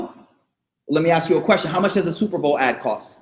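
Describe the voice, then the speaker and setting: A man giving a casual, slang-filled faith talk to college students, animated and repeating phrases for emphasis. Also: fairly high pitch, quick pace. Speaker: guest speaker at a faith session for students. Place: online session, room not known. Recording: roomy echo.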